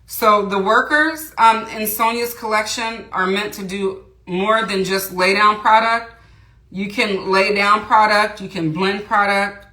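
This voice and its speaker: A woman's voice: mid-range voice, fairly even intonation, a little slow, sharp tone. A woman hosting a casual makeup tutorial livestream, chatting with viewers, greeting them by name and reading their comments aloud. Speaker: beauty livestream host. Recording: roomy echo.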